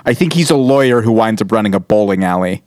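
A man's voice: lowish voice, animated, fast talker, darkish tone, no echo, studio quality. A man in casual comedy chat, brash and joking, swearing freely.

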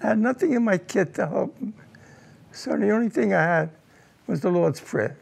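An older man, a war veteran, telling his combat memories in an oral history interview, halting and repeating words as he goes. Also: high voice, lively intonation, gravelly, a little mellow, breathy edge.

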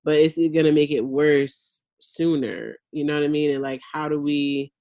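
Candid laughing mom, dry close mic. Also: female voice, sits low, steady tone, normal speed, mellow, no echo. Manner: candid, laughs while venting, acts out her kids' voices. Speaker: mother of young children. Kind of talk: casual podcast conversation.

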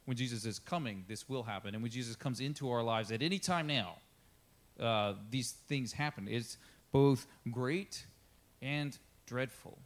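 A man's voice: mid-range voice, normal speed. A man preaching a sermon in a conversational way, with many fillers, who reads scripture aloud in a raised, emphatic voice. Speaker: pastor.

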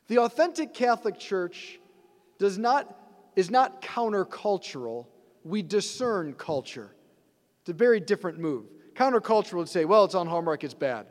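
A man preaching a sermon as a priest, in a conversational way that keeps throwing rhetorical questions at the listeners. His voice sits high for a man. The sound carries a long reverb, as in a church. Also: darkish tone.

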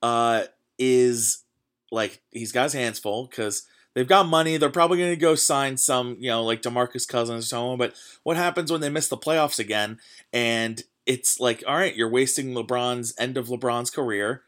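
A man's voice: mid-range voice, moderate pace, fairly bright tone. A man hosting his own podcast, ranting casually about sports, getting worked up with frequent swearing and fillers. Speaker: podcast host. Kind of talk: casual solo sports rant.

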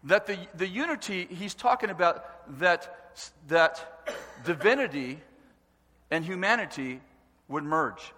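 A man preaching a sermon with animated, emphatic delivery and stresses that rise to a shout. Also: high voice, unhurried. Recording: long hall reverb.

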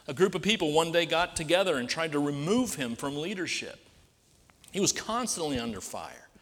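A pastor with a fairly high, fairly bright voice preaches in a reverberant hall. His sermon is conversational and full of rhetorical questions.

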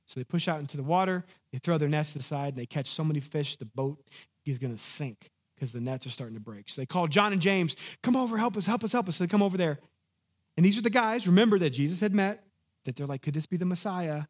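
A man preaching a sermon in an animated, conversational way, acting out the lines of the people in his story. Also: a little high, fast talker. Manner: animated, conversational, acts out quotes. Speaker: pastor.

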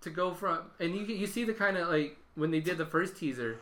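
Bright-voiced young man telling stories. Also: sits high, brisk. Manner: animated storyteller acting out dialogue. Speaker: podcast co-host. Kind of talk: casual chat.

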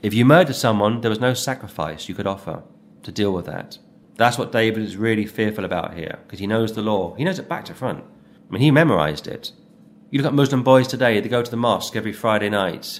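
A man preaching an expository sermon in an earnest, animated way, acting out the voices he quotes. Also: fairly low pitch, quick pace.

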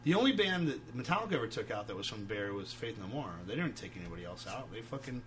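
A man's voice: medium pitch, lively intonation, rapid-fire, a bit bright, slight background noise. Profane, rambling man from New York. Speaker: guest, metal band singer. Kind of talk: casual storytelling.

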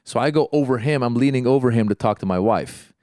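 A man telling a story in casual chat, animated, with quick restarts and stammers. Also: mid-range voice, no echo, studio quality. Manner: animated, acts out the people in his story. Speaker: guest.

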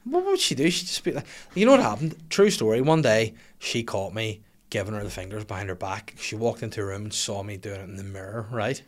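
Animated man telling stories. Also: brisk, few pauses. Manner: animated, swears a lot, puts on high squeaky voices for his daughter. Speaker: podcast host. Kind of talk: casual comedic storytelling.

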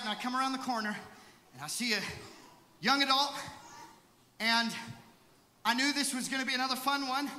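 A young male evangelist preaching a storytelling sermon, moving from hushed asides to shouted exhortation. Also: very high voice, a little hiss or hum. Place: large church sanctuary. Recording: echoey hall with crowd.

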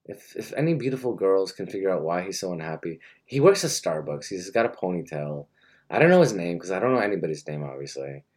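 A man's voice: low-pitched, sing-song, fast, darkish tone, breathy edge. A young man giving a rambling, mock-earnest comedic monologue and interrupting himself often.

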